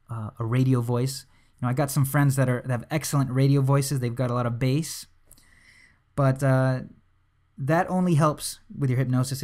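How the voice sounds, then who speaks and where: A young man gives a casual hypnosis lesson to his viewers. He talks at an ordinary middle pitch, rambling a little and restarting his sentences with plenty of fillers. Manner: relaxed, conversational, many fillers and restarts. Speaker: hypnosis instructor. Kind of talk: casual instructional talk to camera.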